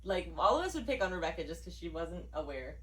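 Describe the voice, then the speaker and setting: Animated, teasing woman cohost. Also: fairly low pitch, quick pace, recorded from a distance, a little hiss or hum, low-quality recording. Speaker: podcast co-host. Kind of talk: casual chat.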